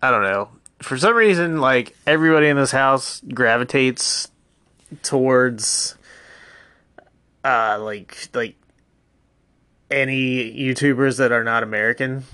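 A man in his thirties hosting a casual solo podcast at home, rambling and swearing through a deadpan mock ad with pets around him. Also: mid-range voice, unhurried, long pauses, clean tone, no echo. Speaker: podcast host.

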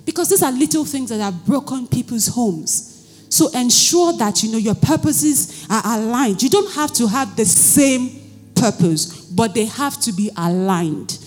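A woman's voice: a little high, measured pace. A woman pastor in her thirties with a Nigerian accent, preaching a sermon, telling stories and often asking the congregation whether they understand. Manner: storytelling, animated, asks the audience questions. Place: church hall. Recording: church hall reverb, faint music.

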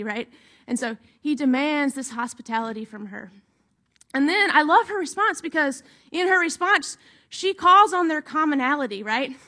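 A woman with a high, bright voice gives a sermon. She reads scripture and then preaches in a relaxed, conversational way. She keeps checking in with her listeners. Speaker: pastor.

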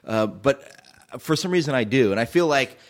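A man's voice: medium pitch, animated, moderate pace. A man talking as a podcast guest in casual comedic chat, rambling and self-deprecating with lots of fillers.

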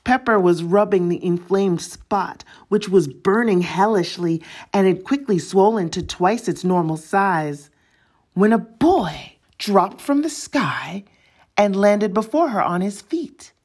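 A woman reading her own literary story as narrator, in a measured, poetic manner. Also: medium pitch, lively intonation, a little mellow.

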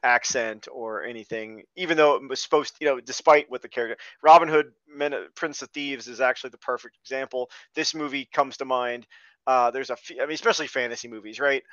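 A man co-hosting a podcast, chatting casually about films in an animated, storytelling way. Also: medium pitch, fairly quick, dry recording. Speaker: podcast co-host. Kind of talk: casual film review chat. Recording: dull, dry lo-fi mic.

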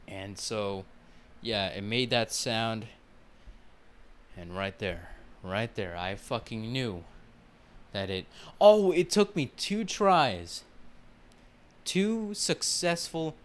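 On his own podcast, a guy rants in a loose, rambling way, swearing heavily and leaning on fillers. He speaks in a mid-range voice with a slightly bright quality.

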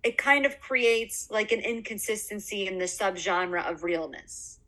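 A woman's voice: mid-range voice, lively intonation, a little slow, fairly bright tone. A woman podcast co-host on a video call, talking through her opinions in a casual chat, thinking aloud with filler words and checking in with "right?". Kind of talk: casual chat, film review.

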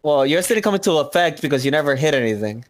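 A man playing a tabletop game over a podcast mic, playful and quick to laugh. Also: a little high, animated, a little hiss or hum. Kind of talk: casual tabletop game play.

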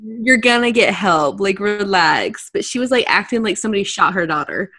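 A young woman co-hosting a casual podcast, blunt and quick to laugh. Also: mid-range voice, sharp tone. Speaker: podcast co-host. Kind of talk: casual chat.

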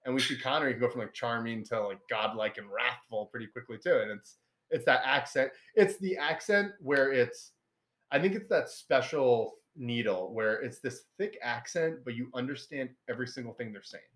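A man co-hosting a podcast, talking casually and animatedly about a film with lots of fillers. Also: normal speed. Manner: animated, swings up in pitch when excited, many "like" fillers. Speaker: podcast co-host. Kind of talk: casual film review chat.

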